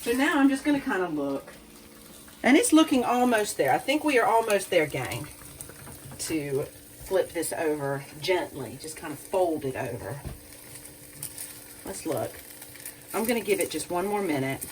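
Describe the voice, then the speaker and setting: A woman's voice: lowish voice, big pitch swings, a little slow, long pauses, far from the mic, a little hiss or hum. A woman hosting a home cooking demonstration, chatty and self-deprecating, talking straight to her viewers. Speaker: cooking show host. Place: home kitchen.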